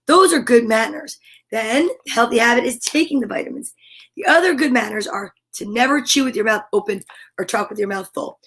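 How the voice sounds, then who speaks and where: Bubbly high-voiced woman hosting kids' livestream. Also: brisk, a bit bright, husky. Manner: bubbly, sing-song, reads viewer comments aloud. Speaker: livestream storytime host. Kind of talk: chatty livestream for kids.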